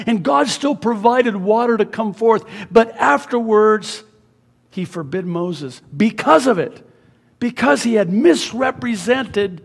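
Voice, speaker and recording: Slow, emphatic preaching man in a reverberant church. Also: sits high, expressive, creaky. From USA. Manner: swings from hushed to loud, emphatic preaching. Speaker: pastor. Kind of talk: expository sermon. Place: church sanctuary.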